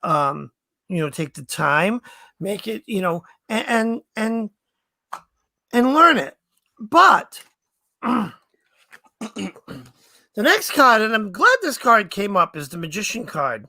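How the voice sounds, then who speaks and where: Woman, tarot host, chatty, encouraging, bright tone, dry sound. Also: mid-range voice, no room sound. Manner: chatty, animated, encouraging, many fillers. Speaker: tarot reader and stream host. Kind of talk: casual tarot reading.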